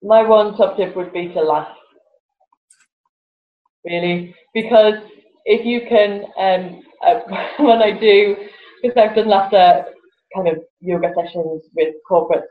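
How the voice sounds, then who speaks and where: A woman's voice: mid-range voice, unhurried. A woman, a guest in an interview, telling stories animatedly, laughing often and acting out voices. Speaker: guest, laughter yoga teacher. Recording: roomy, slightly dull sound with faint music.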